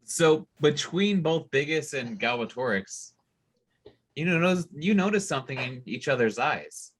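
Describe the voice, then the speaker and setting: A man's voice: on the high side, animated, normal speed, slight background noise. A man running a tabletop game as game master, narrating in a playful, teasing way.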